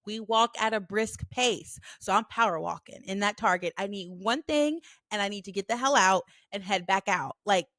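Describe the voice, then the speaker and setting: Animated, blunt woman podcast host. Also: mid-range voice, moderate pace, hardly any pauses, dry recording, clean studio sound. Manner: animated, blunt storytelling with swearing. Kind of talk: casual solo podcast chat.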